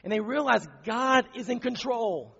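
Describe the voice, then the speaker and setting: A man preaching a conversational, animated sermon, often asking rhetorical questions. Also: very high-pitched, a little slow, a little hiss or hum. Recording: dull recording in a reverberant hall.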